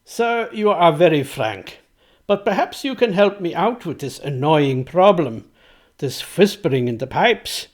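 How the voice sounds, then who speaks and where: A man's voice: fairly high pitch, lively intonation, a little slow, pitched above the performer's own voice. A man reading aloud, voicing an earnest, courteous eighteenth-century composer in formal, old-fashioned speech.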